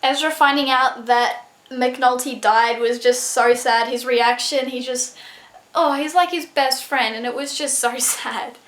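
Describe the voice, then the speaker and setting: A young woman reviewing a book in a casual vlog, excitable and gushing, full of "like" and swearing. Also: high-pitched, a little slow. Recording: echoey room.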